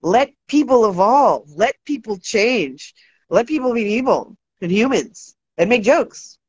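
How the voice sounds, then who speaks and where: A woman hosting a casual livestream, talking fast and loose, swearing freely and ranting, shouting out viewers. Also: on the high side, breathy edge, no echo. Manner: profane, animated, ranting. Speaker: livestream host. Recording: dry, dull lo-fi sound.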